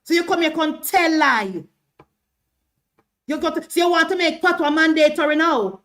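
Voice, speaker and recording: A woman's voice: high-pitched, normal speed, fairly bright tone. A Jamaican woman hosting a political livestream, arguing heatedly, repeating herself and stammering as she presses her point. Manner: argumentative, repeats herself, stammers when worked up.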